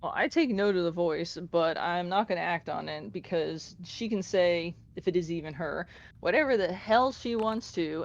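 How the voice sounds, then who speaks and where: A man's voice: sits high, dull audio. A man playing a tabletop game, talking in a rambling way with many fillers. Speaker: player. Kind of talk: casual chat in a tabletop game.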